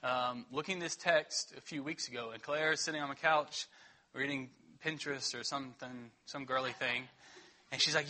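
A man's voice: high-pitched, lively intonation, normal speed, bright, forceful tone. A man preaching a sermon as pastor, teaching in a conversational way and checking in with the congregation.

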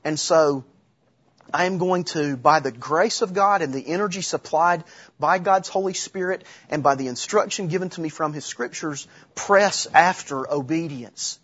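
In a dull, lo-fi recording, a middle-aged pastor gives a conversational sermon at a moderate pace. His voice is husky, slightly high and fairly bright in tone, and he uses restarts and gentle humor.

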